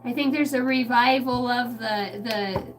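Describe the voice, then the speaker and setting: A woman's voice: fairly high pitch, measured pace, soft background music. A woman giving a casual tarot reading on a livestream. She talks bluntly and chattily and swears freely. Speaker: tarot card reader.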